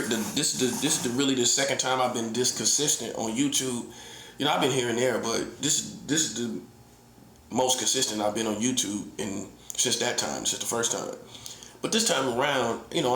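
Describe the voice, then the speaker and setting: A man's voice: mid-range voice, a bit bright. A middle-aged man, a self-styled prophet, delivering a heated, combative, preachy online monologue that keeps repeating its points. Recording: echoey room.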